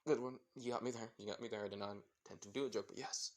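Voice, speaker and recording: A relaxed, self-assured teenage boy who talks low and soft, easing his friend's nerves, as a man puts him on. His delivery stays hushed and unhurried, like a homemade fan story told out loud. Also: natural voice. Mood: reassuring. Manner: quiet, laid-back, soft-spoken. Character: calm, confident teen boy, supportive friend.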